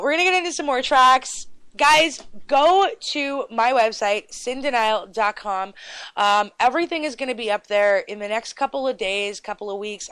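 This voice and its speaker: Chatty woman radio host rambling on, bright crisp voice, dry close mic. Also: mid-range voice, no echo. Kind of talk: casual radio chat.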